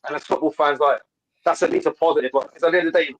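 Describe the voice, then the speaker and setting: Fan bloke on a video call, talks quick and fired up, kinda high voice, keeps restarting his sentences. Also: steady tone, low-quality recording. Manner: fast, passionate football-fan talk with many restarts. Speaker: caller. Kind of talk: casual fan call-in chat.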